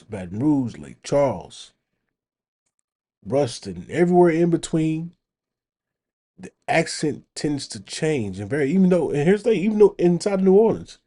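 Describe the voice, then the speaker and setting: A man hosting his channel, giving casual reaction commentary on video clips and getting animated when he makes a point. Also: mid-range voice, breathy edge.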